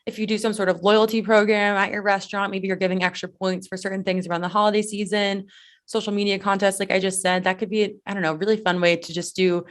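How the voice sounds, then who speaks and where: A woman's voice: mid-range voice, little pitch movement, quick pace. A woman co-hosting a business podcast, giving tips in a loose, rambling way with many fillers. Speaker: podcast co-host. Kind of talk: casual chat.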